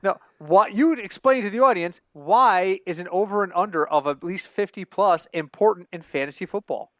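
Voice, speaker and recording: Co-hosting a sports podcast, this man speaks at a moderate pace in a voice that sits high, and the sound is studio quality with no room sound, although he uses a home computer mic over an online call. His manner is casual banter full of long, animated, rambling stories and self-corrections.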